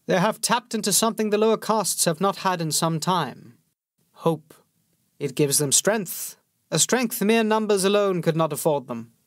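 A calm, calculating nobleman, as an audiobook narrator voices him, slow and deliberate in his words. The voice sits a little higher than the reader's own and softer than the narration, recorded dry and close. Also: no room sound. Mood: measured. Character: cool, measured noble male lord.

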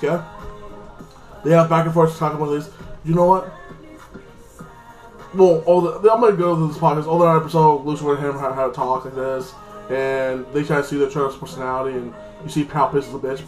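A man's voice: on the high side, fairly even intonation, fairly quick, roomy sound, soft background music, rough recording. A man giving a casual, rambling episode recap, swearing often and leaning on fillers. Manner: rambling, profane, lots of fillers. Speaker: TV show reviewer.

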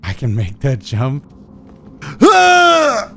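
A man giving excitable, profane let's play commentary, bursting into yelps and laughter as he plays. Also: mid-range voice, normal speed, soft background music. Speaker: gaming video creator.

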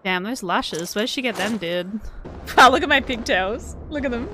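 A woman streaming a game live, chatting to her viewers, laughing often and swearing freely when she gets excited. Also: fairly high pitch, moderate pace, a little hiss or hum. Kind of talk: live gameplay commentary.

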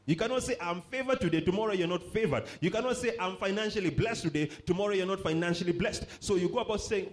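A man's voice: high voice, lively intonation, fast, few pauses. A man preaching a sermon, stressing points by repeating phrases and calling on the congregation to respond.

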